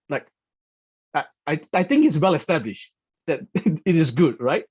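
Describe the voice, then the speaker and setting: A man's voice: a little high, sing-song, a little slow, darkish tone, breathy edge, no echo, highs cut off. A man giving a storytelling business talk in a chatty way, often stammering and repeating words. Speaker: business presenter.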